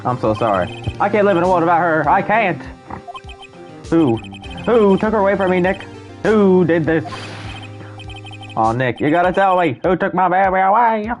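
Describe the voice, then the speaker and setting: A man's voice: high-pitched, lively intonation, normal speed, long pauses, voice pushed up. A man voicing a panicky, melodramatic young man from a game who wails about his doom, with music faint behind. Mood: sobbing. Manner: wailing, over the top. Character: panicky young male best friend, melodramatic.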